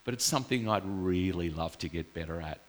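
A man's voice: low voice, brisk. A man preaching a casual, story-filled sermon in a church. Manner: chatty, storytelling, animated with laughs. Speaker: pastor. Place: church hall. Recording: reverberant church hall.

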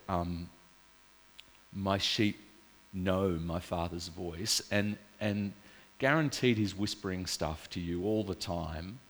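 Chatty pastor in a reverberant hall. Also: male voice, on the low side. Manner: chatty, storytelling, animated with laughs. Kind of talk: sermon. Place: church hall.

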